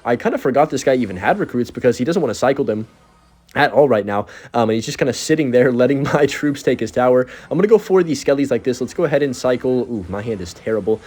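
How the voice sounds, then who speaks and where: A man's voice: medium pitch, expressive, quick pace, darkish tone, slightly rough. A young man giving casual, joking commentary over his own gameplay, sarcastic and chatty as he narrates each move. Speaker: gaming content creator.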